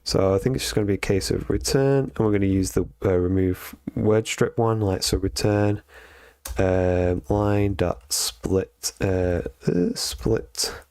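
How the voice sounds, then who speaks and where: A man on a live stream reading programming lessons aloud and thinking out loud as he codes, with frequent ums and restarts. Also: sits low, fairly even intonation, a little slow, clear, resonant tone, dry recording. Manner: thinks aloud with many fillers and self-corrections. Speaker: streamer learning to code.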